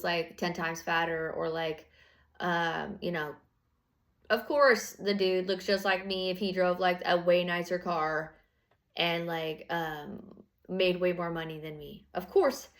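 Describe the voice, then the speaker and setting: A woman's voice: on the low side, gravelly. A woman giving a casual tarot reading to camera, rambling and blunt, swearing freely, with lots of fillers and laughing as she talks. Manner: laughs while talking. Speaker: tarot reader.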